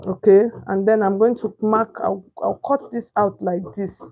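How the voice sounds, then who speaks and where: The audio is narrow and tinny, carrying a mid-range, gravelly woman's voice with a steady tone at normal speed. She's a young Nigerian sewing instructor giving a chatty step-by-step pattern-cutting tutorial, frequently asking if viewers can see and searching for words.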